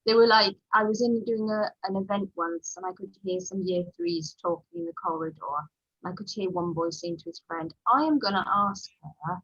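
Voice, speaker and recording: A woman with a Welsh accent, a children's author chatting on a podcast in an animated way, full of fillers. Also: medium pitch, a little fast, dry recording, highs cut off. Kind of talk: casual podcast chat.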